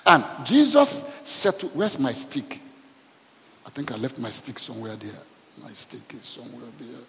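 A man's voice: mid-range voice, big pitch swings, moderate pace, gravelly, a bit bright, slight background noise. A man preaching a sermon as pastor and asking the congregation questions as he goes. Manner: asks the congregation questions, preaching with call and response. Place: church hall. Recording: reverberant church hall.

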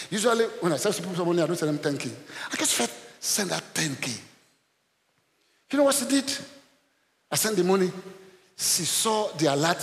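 A male pastor preaching a sermon in an animated way, bursting into shouts, repeating himself and calling out to the congregation. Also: sits high, brisk, gravelly, pauses often. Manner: addresses the congregation with call-and-response. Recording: long reverb of a large hall.

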